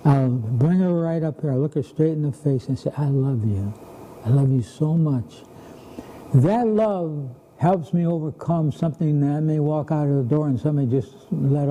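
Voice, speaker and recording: A man in his eighties co-hosting a talk show, talking in an earnest, folksy way and pausing as he searches for words. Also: a little high, dark tone, poor audio. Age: 80s. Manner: earnest and folksy, with pauses and hesitations. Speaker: TV show co-host.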